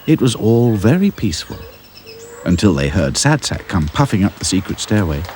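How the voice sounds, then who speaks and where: A man narrating a children's storybook in a lively, sing-song way. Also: lowish voice, moderate pace, noisy background. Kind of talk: storybook reading.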